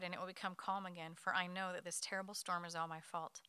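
A woman leading a Bible study, reading a scripture passage aloud to her group at a quick pace. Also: fairly low pitch, clear, resonant tone, no room sound. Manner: quick, lively reading with light laughs.

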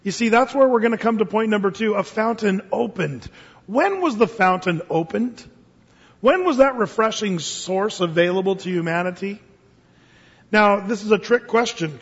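A man preaching a sermon in an animated way, joking and acting out the voices of the people in his story. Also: sits high, slightly rough. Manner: animated, laughing, acts out voices. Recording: dull sound in a reverberant hall.

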